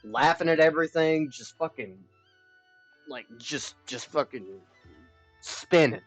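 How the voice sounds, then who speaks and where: A man's voice: a little high, a little slow, soft background music. A young man live streaming, telling a long personal story in a rambling, profane, frank way. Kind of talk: casual storytelling chat. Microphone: streaming mic. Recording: dull lo-fi stream audio.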